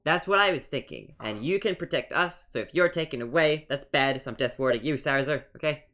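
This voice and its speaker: A woman's voice: low-pitched, fairly quick, a bit bright. A woman playing a tabletop game, joking and playful. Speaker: player. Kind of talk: casual tabletop play.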